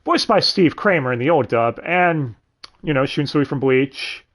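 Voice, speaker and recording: A young man hosting a casual livestream, his pitch bouncing up and down as he talks. He rambles, trips over his words, swears freely and corrects himself mid-sentence. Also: expressive, measured pace, fairly bright tone. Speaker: stream host.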